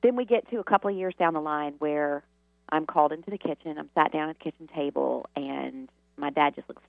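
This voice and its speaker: A woman's voice: low voice, brisk, gravelly, no echo. Woman telling stories over a tinny phone line. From Southern United States. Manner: rambling, with many fillers and restarts. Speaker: guest. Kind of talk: storytelling interview answers.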